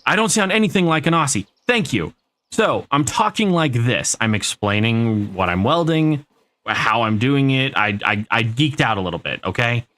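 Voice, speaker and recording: A man's voice: mid-range voice, bright, forceful tone. An American man chatting casually on a live stream while playing a game, rambling through an anecdote and swearing freely. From United States.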